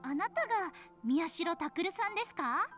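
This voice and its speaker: A playful teenage schoolgirl in a visual novel, sweet and teasing. Her voice sits very high and swoops up and down in a bouncy, lively melody. She chatters quickly, with clear game music playing underneath. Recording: game audio with background music.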